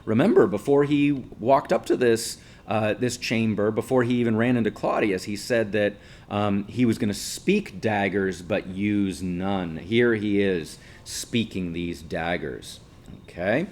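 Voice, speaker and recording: A man's voice: lowish voice, unhurried, a little mellow. A male teacher giving a casual classroom lecture, explaining patiently and checking in with listeners by asking 'right?'.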